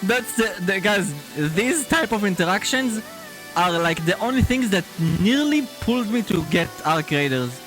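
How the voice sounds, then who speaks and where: A male VTuber streamer chatting casually with his viewers, animated, laughing often and swearing freely. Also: sits high, moderate pace, soft background music. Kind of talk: casual live-stream chat.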